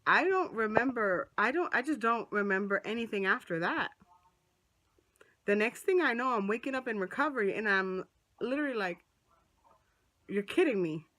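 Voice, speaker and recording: A woman vlogger chatting to a small camera at close range, lively and animated, acting out what others said. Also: on the high side, moderate pace. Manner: chatty, animated, acts out quoted voices. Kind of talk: casual storytelling to camera. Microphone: phone or small camera close up.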